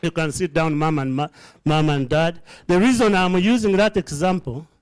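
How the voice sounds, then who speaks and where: A man's voice: on the high side, moderate pace, clean tone. A middle-aged man giving an emotional fundraising speech to a live audience in an event hall. He talks like a preacher, calls out to the crowd directly and builds to fervent peaks. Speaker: charity founder addressing donors.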